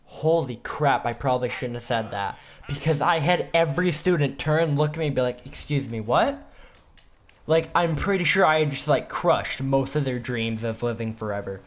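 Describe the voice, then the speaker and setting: A teenage boy tells a school story straight to the camera. His voice sits at an ordinary middle pitch, and he talks in a loose, joking way, often breaking off to correct himself. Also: normal speed. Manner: rambling, joking, with frequent self-corrections. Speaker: student vlogger. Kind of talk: casual storytelling.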